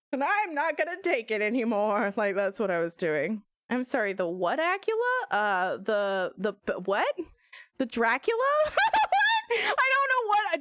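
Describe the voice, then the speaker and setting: A woman streamer in casual live-stream chat, animated and joking, often breaking into laughter. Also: fairly high pitch, no room sound, clean studio sound.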